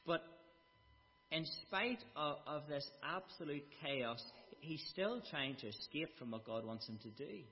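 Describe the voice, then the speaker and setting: A man delivers a sermon at an unhurried, deliberate pace, voicing the quoted speech with drama. His voice sits at an ordinary pitch. The recording is dull and carries a long hall reverb. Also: animated, slight background noise. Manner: slow, emphatic Bible exposition with dramatic quoted speech. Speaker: preacher.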